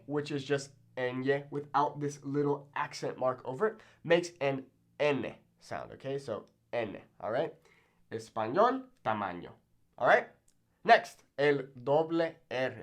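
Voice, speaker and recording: A young man teaching a Spanish pronunciation lesson at a board, upbeat, repeating words slowly and checking in with "okay?" after each one. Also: on the high side. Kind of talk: whiteboard language lesson. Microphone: camera in a classroom-style setup at a board.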